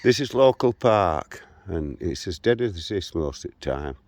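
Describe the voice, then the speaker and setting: A deep-voiced man of sixty-three walks around outdoors, telling the camera a tough local story about a confrontation. He speaks unhurriedly, with big pitch swings and a darkish tone, and his delivery is blunt and combative; there's no room sound.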